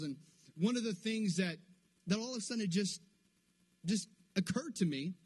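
A man preaching in a church sanctuary, his voice sitting high for a man and carrying a husky grain. He leans into repetition and calls back to the congregation, urging them to answer him. The delivery is fervent and rhythmic. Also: darkish tone. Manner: impassioned preaching with call-and-response to the congregation. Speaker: pastor. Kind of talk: sermon.

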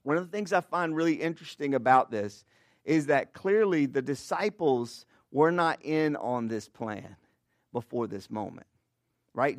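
A man's voice: fairly high pitch, no room sound, studio quality. A man, a pastor, giving a sermon in a conversational way with frequent "all right?" and "okay?" asides, and praying earnestly. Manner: earnest prayer.

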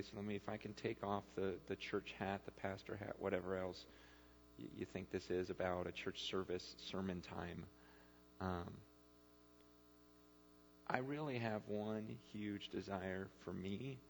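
A man preaching a sermon as pastor, moving between loud animated appeals and quiet, intimate talk. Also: on the low side, normal speed, vocal fry, pauses often. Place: church hall. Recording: dull hall recording with mains hum.

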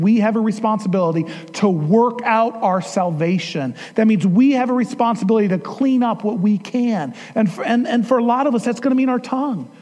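A man's voice: sits high, darkish tone. A man preaching a sermon as pastor, earnest and at times emphatic, speaking in a church. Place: church sanctuary. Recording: long hall reverb.

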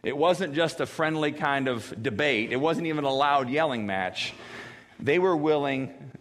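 A pastor preaching a sermon, acting out quoted voices in a high wail and a grave low tone. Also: male voice, unhurried, fairly bright tone. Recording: long reverb of a church hall.

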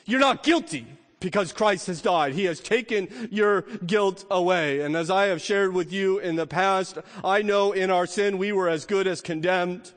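A middle-aged male pastor preaches in a church, his voice pitched high for a man. He builds to forceful, emphatic peaks and then drops into quiet, easy asides. A long hall reverb trails every phrase. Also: unhurried, few pauses. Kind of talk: sermon. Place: church sanctuary.

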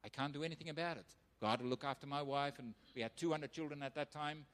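A man preaching as a missionary pastor, telling his testimony as an animated storyteller who acts out the voices of others. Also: on the high side, quick pace. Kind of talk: sermon testimony. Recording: long hall reverb.

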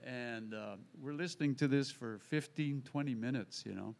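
A man's voice: mid-range voice, moderate pace, creaky. A man who works as a contractor, telling a faith story to a church group and acting out the people in it. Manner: lively storyteller, acts out quoted voices. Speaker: contractor sharing a testimony. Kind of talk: storytelling testimony.

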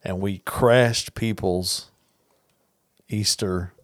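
Low-voiced man telling stories on a podcast. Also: fairly even intonation, drawn-out words, no room sound, studio quality. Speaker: podcast co-host. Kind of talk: casual chat.

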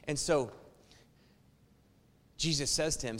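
A man's voice: mid-range voice, normal speed, pauses often. A man preaching a sermon in an emphatic, conversational way and often appealing directly to his listeners. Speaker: pastor. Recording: long reverb of a large hall.

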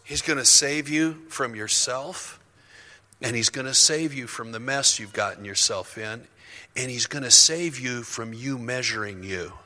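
Guy preaching in a church, gets loud and fired up, bright voice, big echoey room. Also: mid-range voice, measured pace. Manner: impassioned, rising to near-shouts. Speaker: pastor. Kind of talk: sermon. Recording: long hall reverb.

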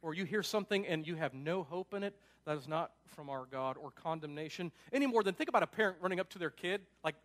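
A man's voice: fairly high pitch, animated, quick pace, hardly any pauses, a bit bright. A man preaching a conversational sermon to his congregation, emphatic and casual, with frequent asides. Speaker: pastor.

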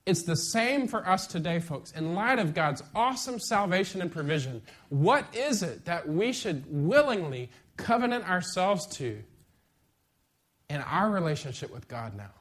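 A middle-aged man preaching a sermon as pastor, lively and conversational, with sudden bursts of emphasis. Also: sits high, moderate pace.

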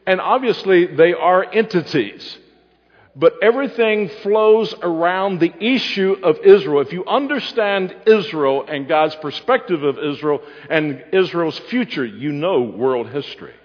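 In a muffled, long-reverb hall recording, a man with a slightly high voice and lively intonation preaches unhurriedly. His Bible-teaching sermon has him quizzing the audience and supplying the answers.

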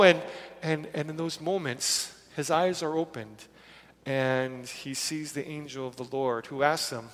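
A man's voice: medium pitch, normal speed. A man preaching a conversational sermon, retelling scripture in a casual way and briefly acting out its characters. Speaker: pastor. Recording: long reverb of a large hall.

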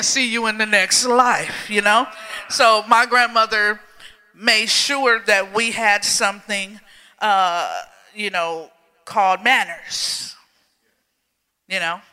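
A man preaching a sermon in a church, telling stories in a slow, emphatic, folksy way. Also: high-pitched, fairly even intonation, pushed and bright. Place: church sanctuary. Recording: long reverb of a church hall.

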